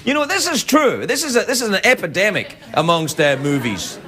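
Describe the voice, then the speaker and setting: A man's voice: fairly high pitch, sing-song, normal speed. A male late-night talk show host reading viewer mail in a rambling, teasing comic monologue, in a television studio. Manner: rambling, teasing, self-interrupting. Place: television studio with live audience. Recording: loud studio audience laughter, noise.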